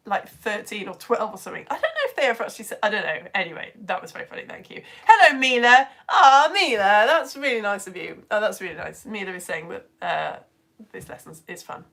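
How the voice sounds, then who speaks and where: A woman hosting a live stream lesson, chatty and excitable, reading out viewer comments and laughing often. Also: medium pitch. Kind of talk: casual live-stream chat.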